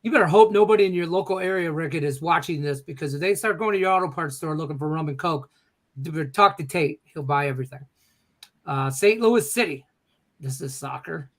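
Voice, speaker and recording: A man's voice: a little high, brisk. A man hosting a sports betting show, joking and rambling as he reads viewer comments aloud. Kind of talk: casual sports betting chat.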